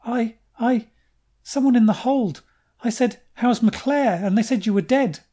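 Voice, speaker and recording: Male reader voicing a young woman pilot in shock, high and urgent, audiobook. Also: unhurried, mellow. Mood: frantic. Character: young woman space pilot, shaken and frantic. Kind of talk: audiobook dialogue.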